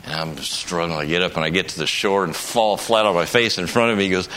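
A man's voice: low voice, fast talker, bright, forceful tone. An older man preaching at a conference, telling a folksy personal story and breaking into emphatic bursts. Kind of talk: conference sermon.

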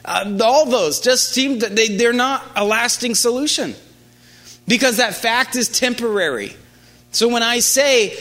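A man preaching a conversational sermon, often restarting phrases and dropping into a quiet, low voice for quoted lines. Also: normal speed.

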